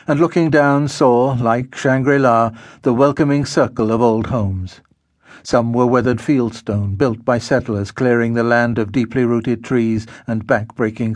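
Measured male audiobook narrator, dry studio sound. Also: mid-range voice, no echo. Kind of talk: scripted narration. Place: recording studio.

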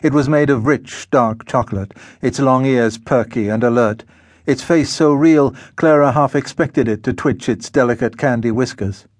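A man narrating an audiobook in a measured, unhurried storytelling manner. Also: mid-range voice, no echo. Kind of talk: scripted narration. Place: recording studio.

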